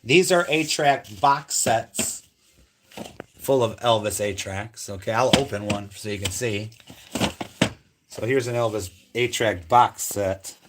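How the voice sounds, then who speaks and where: A man's voice: on the low side, slow pace, very noisy. Chatty co-host man, casual rambling room-tour delivery, phone-filmed live stream at home. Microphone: handheld phone camera.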